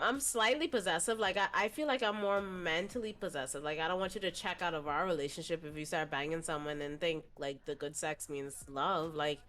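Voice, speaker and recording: A woman's voice: lowish voice, fairly bright tone. A young woman as a podcast guest in casual chat, frank and thoughtful as she gives her views. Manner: frank, thoughtful, candid opinions.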